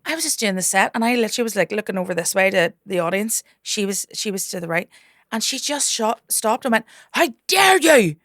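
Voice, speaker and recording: Lively woman storyteller. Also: medium pitch, fast, dry recording, studio quality. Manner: lively storyteller, swears freely. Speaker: guest comedian and cabaret host. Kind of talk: casual chat, storytelling.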